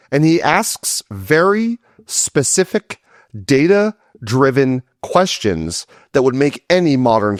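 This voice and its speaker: Slow, lively-voiced male narrator. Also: mid-range voice, dry recording, studio quality. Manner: conversational, with casual asides. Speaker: host of a history series. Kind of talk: scripted narration.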